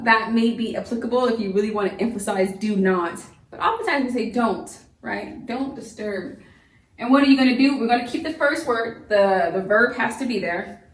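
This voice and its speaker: Woman homeschool teacher; casual talky delivery full of fillers, recorded from a distance in a reverberant room. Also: mid-range voice. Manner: chatty, repeats and restarts, many fillers. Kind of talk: recorded classroom lesson. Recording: roomy echo, voice from a distance.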